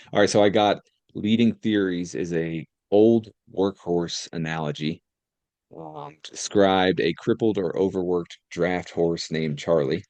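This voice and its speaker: A man's voice: deep voice, a little mellow, dry recording. A young man co-hosting a podcast in casual chat, joking and rambling with frequent laughs. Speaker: podcast co-host.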